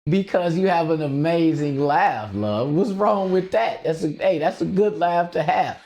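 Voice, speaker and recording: A man streaming casually, rambling excitedly with lots of slang and frequent laughter as he reacts to his chat. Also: a little high, unhurried. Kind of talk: casual livestream rant.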